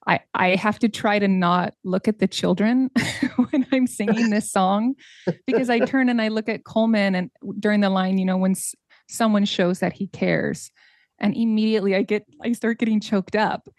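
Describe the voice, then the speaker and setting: Lively laughing woman, dry studio sound. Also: medium pitch, normal speed, dry recording. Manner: animated, laughing storyteller. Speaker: actor in community musical, guest. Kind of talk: casual radio interview.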